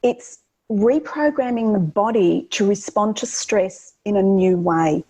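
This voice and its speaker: An earnest woman speaking as an interview guest, walking through practical calming methods for children. She talks at a medium pitch in an explanatory, teacherly tone. She often pauses with ums and circles back to restart her sentences. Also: husky, rough recording. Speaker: guest educator on children's wellbeing.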